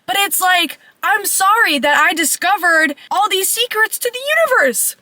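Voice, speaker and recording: A woman's voice: very high voice, moderate pace, sharp tone, no echo. A young woman life coach ranting bluntly and profanely in a casual vlog.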